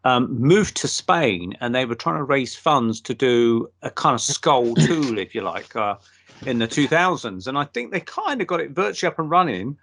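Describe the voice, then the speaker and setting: A man hosting a casual talk show over a video call, rambling with many pauses and fillers. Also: medium pitch, expressive, creaky, fairly bright tone. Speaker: podcast host. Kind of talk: casual chat.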